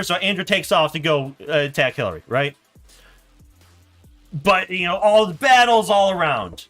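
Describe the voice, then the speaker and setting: A man narrating a story in a board game on a stream, laughing and animated. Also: fairly high pitch, measured pace, pauses often, faint music behind.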